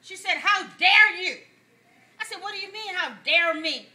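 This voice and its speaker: In a full character voice that's very high-pitched, sharp, and fairly quick, a man plays a chatty older woman pastor giving a stand-up comedy sermon. Amused as she preaches, she tells folksy jokes, calls the congregation "y'all," and laughs right along with them.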